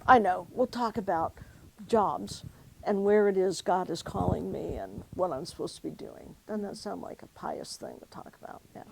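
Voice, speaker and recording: A woman with a gravelly, mid-range voice tells her own life story in an oral history interview. She speaks reflectively and with feeling, often acting out past conversations as she recalls them. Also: mid-range voice, darkish tone, rough recording. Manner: reflective, emotional, quotes conversations. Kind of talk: personal storytelling.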